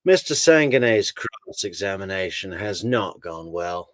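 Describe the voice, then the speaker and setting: A man's voice: low voice, expressive, unhurried, dry recording. A man hosting a casual true crime live stream, chatty and laughing as he thanks viewers by name. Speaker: true crime commentary host.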